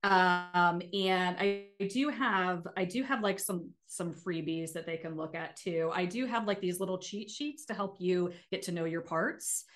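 A woman's voice: lowish voice, unhurried, hardly any pauses. Middle-aged woman, earnest coach, casual podcast guest. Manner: earnest, animated when making a point. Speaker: guest, emotional eating coach.

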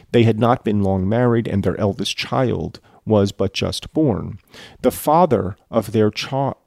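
A man's voice: lowish voice, creaky, a little mellow, no echo, studio quality. A man reading a novel aloud and breaking off for sarcastic, irreverent commentary. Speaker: reader and commentator.

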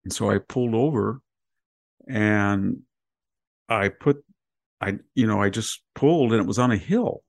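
A man's voice: on the low side, a little slow, gravelly, pauses often, dry recording, clean studio sound. A man hosting a casual news roundup, talking in rambling personal anecdotes. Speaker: podcast host.

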